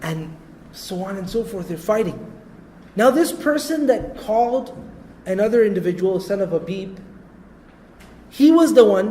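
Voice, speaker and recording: A male preacher with a high voice tells a story in a casual, animated way. He keeps checking in with his listeners as he goes. A faint hum of the room sits under his voice. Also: poor audio. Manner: animated, conversational, repeats points with "you know" and "okay?". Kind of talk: storytelling sermon.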